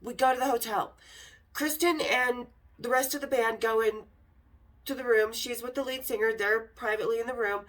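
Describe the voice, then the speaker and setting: A woman hosting a podcast, telling a candid story in a casual, profane and animated way. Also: fairly high pitch, normal speed.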